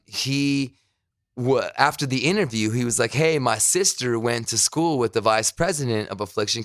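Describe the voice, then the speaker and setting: A man's voice: fairly low pitch, fairly bright tone, no room sound, clean studio sound. A man guest on a podcast, telling loose stories from his career in a casual chat, swearing freely and quoting people he met. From New Jersey. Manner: loose storytelling with swearing and quoted asides. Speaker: podcast guest, radio host. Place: his broadcast studio.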